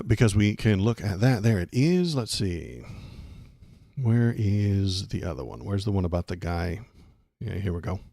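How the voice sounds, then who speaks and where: A man's voice: on the low side, mellow, no room sound, clean studio sound. A man from Texas hosting a casual political livestream, rambling and sarcastic, restarting his sentences often.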